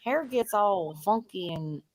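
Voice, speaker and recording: A woman with a Tennessee accent hosting a casual co-stream, playful and quick to laugh. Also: medium pitch, lively intonation, no echo. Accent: Southern US, Tennessee. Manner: playful, laughing, affectionate teasing. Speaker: livestream host.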